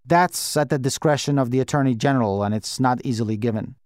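A man voicing a frank, businesslike immigration lawyer who lays out options in a steady, matter-of-fact way. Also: medium pitch, quick pace, no echo, clean studio sound, close to an everyday voice.

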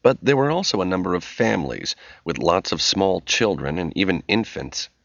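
A man reading a novel aloud as narrator, in measured, expressive storytelling. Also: low voice, vocal fry, no room sound. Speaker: audiobook narrator. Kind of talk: scripted narration. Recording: dull, muffled audio.

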